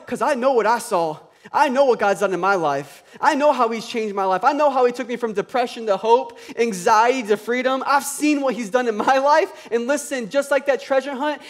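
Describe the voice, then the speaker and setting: A high-pitched male pastor preaches in a loose, conversational way. He drops into quiet asides, then climbs to loud, passionate peaks, with flashes of sarcastic humor. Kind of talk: sermon.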